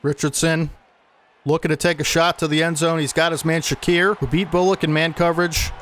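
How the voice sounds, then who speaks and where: A man's voice: fairly high pitch, little pitch movement, fairly quick, a bit bright, slight background noise. A man giving casual play-by-play commentary on the football video game he is playing, sportscaster-style, often adding "man" and getting exasperated at bad plays. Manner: exasperated when plays go wrong. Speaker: gaming YouTuber.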